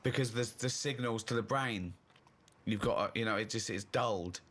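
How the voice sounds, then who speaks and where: A man's voice: fairly low pitch, normal speed, a bit bright. A man teasing and mocking his co-host in casual comic chat.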